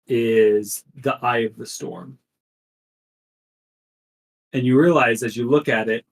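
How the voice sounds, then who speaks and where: A man narrating a tabletop game as game master, setting the scene in a deliberate, descriptive way. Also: mid-range voice, low-quality recording.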